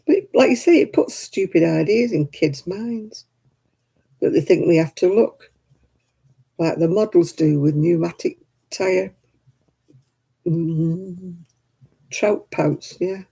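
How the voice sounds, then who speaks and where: Lady crafting on a stream, slow gravelly chat, bit husky, moans about telly. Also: lowish voice, dark tone, low-quality recording. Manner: chatty, grumbling about television, reads viewer comments aloud. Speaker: crafting livestream host. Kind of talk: casual chat with viewers while crocheting.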